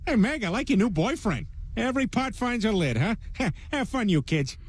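A blustering, oafish cartoon dad, middle-aged and tactless. He sounds high and bouncy as he rambles on. His delivery is lively. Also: moderate pace, slight background noise. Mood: blustery.

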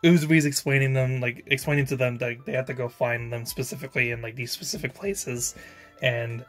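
A man's voice: medium pitch, fairly even intonation, brisk. A man giving a casual episode review, chatty and laughing often, with lots of fillers and casual swearing. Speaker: anime reviewer. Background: faint background music.

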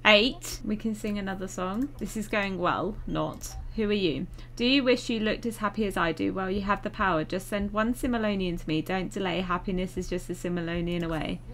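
A young woman talks her way through a life-sim game, chatty and self-mocking. Her voice is bright and forceful, at a medium pitch for a woman. She swears now and then when annoyed. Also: a little fast, few pauses. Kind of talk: casual gameplay commentary.

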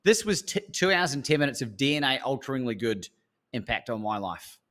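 A man's voice: mid-range voice, very animated, fairly quick, fairly bright tone. An Australian man, a speaker and coach, telling a story as an interview guest and acting out the phone calls.

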